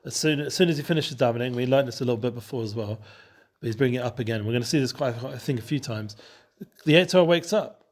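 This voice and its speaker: A man leads a casual Torah study at a quick, rushing clip. He keeps stopping and restarting his sentences and drops Hebrew and Yiddish terms in as he goes. His voice sits at a middling pitch. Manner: fast, loose and animated, with many restarts. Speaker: Torah teacher and show host.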